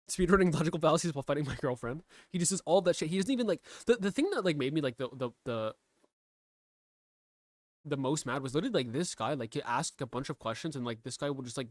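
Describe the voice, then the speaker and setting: A man's voice: mid-range voice, no echo. A man giving ranting gaming commentary in a profane, incredulous, rambling way. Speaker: video commentator.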